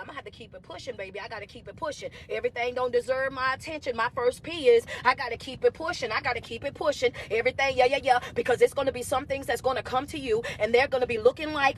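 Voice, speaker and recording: High-voiced woman preaching motivation. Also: fairly bright tone, slight background noise. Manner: preachy, repetitive, call-and-response, calls viewers baby. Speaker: motivational speaker. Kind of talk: livestream motivational talk.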